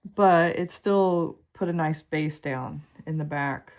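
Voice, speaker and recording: A woman talking viewers through a colored pencil drawing in a relaxed, chatty way, with lots of fillers and trailing thoughts. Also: low-pitched, slow pace. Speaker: art tutor. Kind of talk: relaxed draw-with-me instruction.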